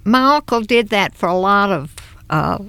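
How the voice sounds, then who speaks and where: Older Southern woman with a gravelly voice. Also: mid-range voice, animated, moderate pace, a bit bright. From American South. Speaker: interview guest. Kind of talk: reminiscing in conversation.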